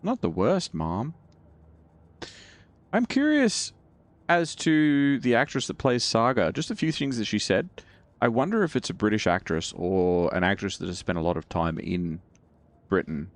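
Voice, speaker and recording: A man's voice: low voice, sing-song, moderate pace. A man streaming a video game, chatting casually and musing aloud, his voice jumping up when surprised. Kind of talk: casual let's-play commentary.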